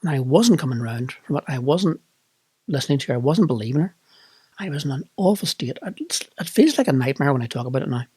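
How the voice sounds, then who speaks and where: A man's voice: mid-range voice, sing-song, fairly quick, a little mellow, breathy edge, no echo. A middle-aged man with a Northern Irish accent, candidly recounting a personal experience in a reflective monologue. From Northern Ireland. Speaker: vlogger.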